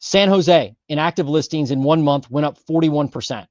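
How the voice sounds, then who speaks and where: A man's voice: a little high, normal speed, a little mellow, no room sound. Emphatic man reading out housing stats. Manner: emphatic, repeats figures for stress. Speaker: housing market commentator. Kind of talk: data walkthrough commentary. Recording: dry, slightly dull sound.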